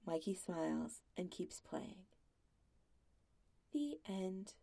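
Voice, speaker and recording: A woman narrating a fan fiction audiobook in a quiet, intimate way. Her voice is dark and mellow with plenty of vocal fry. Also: fairly low pitch, extremely slow. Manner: quiet, even, intimate reading. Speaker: podfic reader.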